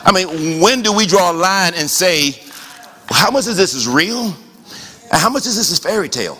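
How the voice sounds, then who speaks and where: A man preaching a sermon as pastor, talking conversationally with rhetorical questions and rising to shouts. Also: sits high, expressive, normal speed, husky, in a large hall.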